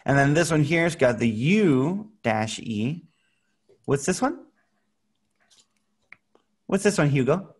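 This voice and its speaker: A man teaching English to children in an online class, speaking slowly and clearly with a patient, playful manner. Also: on the high side, lively intonation. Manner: patient, slow and clear, playful sound effects.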